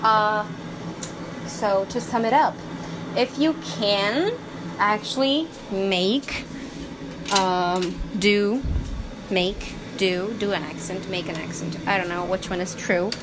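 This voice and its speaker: A woman's voice: mid-range voice, slow, noisy background. A woman vlogging casually to the camera, hesitant and often stopping to search for words and correct herself, in her kitchen.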